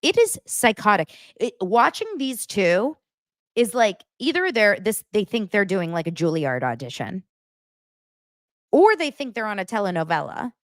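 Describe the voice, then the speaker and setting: A woman's voice: mid-range voice, big pitch swings, normal speed, dry recording, clean studio sound. A woman hosting a pop-culture commentary show, ranting in a blunt, sarcastic, exasperated way. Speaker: host.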